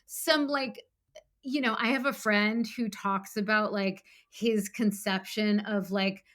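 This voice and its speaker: This middle-aged author, a guest in a relaxed interview, speaks slowly with a medium pitch, fairly even intonation, and a fairly bright tone. She fills her speech with "like" and now and then bursts into acting out her inner voice.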